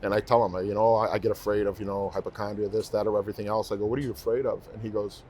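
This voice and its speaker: On the low side and a little mellow, this man's voice has a flat delivery and a very fast pace. As a professional singer being interviewed, he shares heartfelt stories casually and repeats phrases for emphasis.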